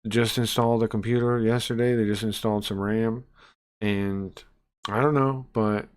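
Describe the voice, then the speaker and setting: A man's voice: lowish voice, fairly even intonation, normal speed, clear, resonant tone. A young man streaming casual reaction commentary, brash and mocking, swearing freely and tripping over restarts and fillers.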